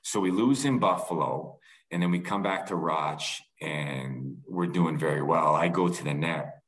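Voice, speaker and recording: Deep-voiced man telling a story. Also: unhurried, poor audio. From Canada. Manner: rambling, animated storyteller. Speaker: former pro lacrosse player, guest. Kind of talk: casual podcast storytelling.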